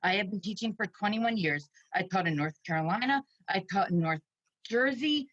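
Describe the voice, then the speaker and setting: A woman's voice: mid-range voice, animated, moderate pace, a bit bright, no echo, muffled recording. A woman in her forties, a parent and teacher, crying as she gives an emotional public comment at a meeting. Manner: tearful, pleading, shaky.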